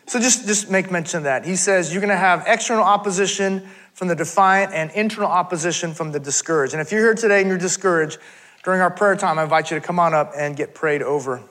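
Male pastor, high bright voice, conversational sermon with casual asides. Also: fast. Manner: conversational preaching with asides and self-corrections. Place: church.

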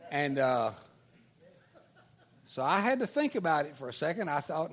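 An older man preaching, telling a folksy childhood story in an animated storytelling sermon style. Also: a little high, moderate pace, long pauses.

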